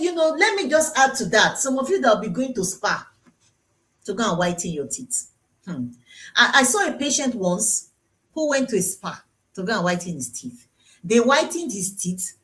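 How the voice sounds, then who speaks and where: Lively Nigerian woman dentist on a live stream. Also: on the high side. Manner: chatty, teasing, repeats key points for emphasis. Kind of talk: live-streamed health talk. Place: dental clinic.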